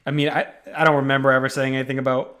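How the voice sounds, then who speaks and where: A man's voice: medium pitch, rapid-fire. A man co-hosting a podcast, telling a story in casual chat, with lots of fillers and swearing. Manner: animated, swears freely, many fillers. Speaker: podcast co-host.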